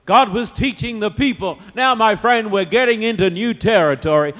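A man preaching a sermon, swinging from loud declarations to hushed, intimate asides. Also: high-pitched, normal speed. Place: church or meeting hall. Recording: long hall reverb.

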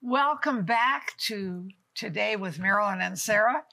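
A woman's voice: medium pitch, a little slow, creaky, bright, forceful tone, no echo. A woman hosting a faith talk show, welcoming her guest in enthusiastic, encouraging chat.

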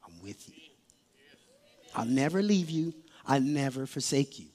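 A preacher voicing Jesus as a gentle comforter, speaking softly, hushing and reassuring. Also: mid-range voice, pitched below the performer's own voice, natural voice. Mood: soothing, hushed. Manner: soft hushing, slow and soothing.

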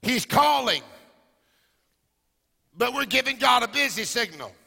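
A man preaching a sermon, chanting in a sing-song rhythm and shouting at the peaks, in a large church. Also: very high voice, expressive, a little slow, gravelly, slightly rough. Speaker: pastor. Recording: church hall reverb with music.

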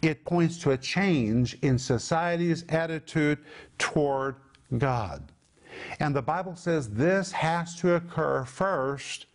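A man in his sixties giving a televised Bible teaching, emphatic and deliberate, slowing down and repeating key words to stress them. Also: fairly high pitch.

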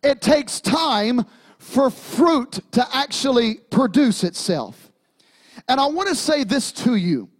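Man preaching, high voice, unhurried, jokes then drives points home. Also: sing-song. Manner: preaching with humor and emphatic repetition. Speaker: pastor. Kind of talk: sermon. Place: church sanctuary.

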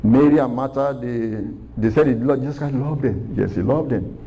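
A man's voice: mid-range voice, normal speed, mellow, rough recording. A man preaching a recorded sermon, earnest and repetitive, asking rhetorical questions.

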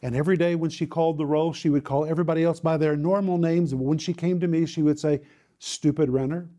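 A man preaching his own testimony, mellow and soft-toned, with a voice pitched somewhat high for a man. He tells it dramatically, racing through some lines and slowing hard on others for emphasis. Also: steady tone. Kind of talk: sermon testimony storytelling.

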